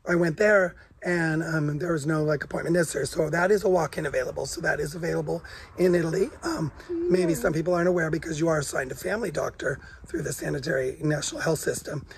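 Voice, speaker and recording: A middle-aged man from the United States, hoarse from coughing, chatting away on a vlog and laughing often. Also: on the high side, animated, fast. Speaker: vlog co-host. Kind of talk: casual chat.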